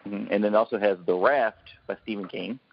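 A man's voice: lowish voice, brisk, creaky, slight background noise. A man in his forties telling stories in a casual podcast roundtable, acting out the voices he quotes. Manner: excitable storyteller, acts out quoted voices. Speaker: podcast panelist. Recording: dull lo-fi podcast audio.

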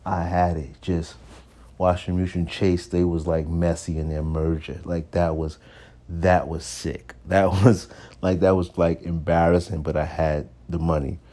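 A man in his thirties with a low, deep voice tells a casual story from his own life. His tone is warm and mellow, and he breaks into laughter as he goes. He jumps into other people's voices to act out what they said. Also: normal speed. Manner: animated, acts out others' lines in shifting voices; laughs between lines. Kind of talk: casual anecdote telling.

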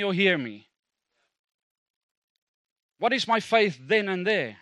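A man's voice: high-pitched, big pitch swings, slow, long pauses, fairly bright tone, no echo. A middle-aged South African man, a native Afrikaans speaker, preaching a sermon as a pastor in a conversational, self-deprecating way with asides to the congregation.

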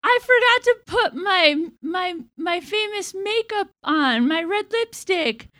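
A woman's voice: extremely high pitch, lively intonation, slow, a bit bright, heavily acted. A woman performing a live comedy roast in character, giggly and rambling, laughing at her own jokes. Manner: giggly, rambling, self-deprecating. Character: comedic take on a famous 1950s female comedian.

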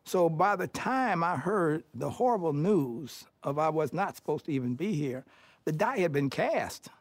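An older man from Detroit, USA, recalling his childhood in an interview as an animated storyteller who chuckles as he talks and acts out family dialogue. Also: fairly high pitch, normal speed, dry recording.

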